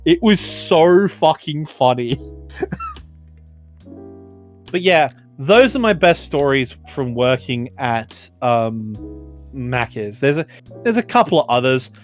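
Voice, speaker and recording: Aussie podcast co-host, young, casual swearing storyteller, lots of fillers. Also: male voice, fairly high pitch, unhurried, soft background music. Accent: Australian. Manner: animated, swearing, filler-heavy.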